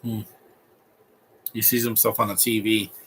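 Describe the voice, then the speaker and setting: A man's voice: fairly low pitch, little pitch movement, a little slow, fairly bright tone, slight background noise. A man in his thirties giving live movie commentary, opinionated and rambling, often restarting his sentences.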